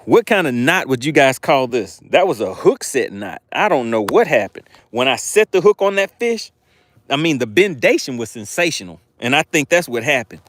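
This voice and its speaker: A man's voice: mid-range voice, very animated, normal speed, a bit bright. A man hosting a live fishing stream outdoors, reading viewer chat aloud and teasing them playfully. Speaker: fishing livestream host. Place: outdoors by the water.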